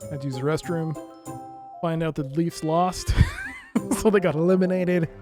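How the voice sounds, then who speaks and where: A man live-streaming a video game, swearing loudly and laughing as he plays. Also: on the high side, creaky. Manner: loud swearing outbursts and laughter while playing.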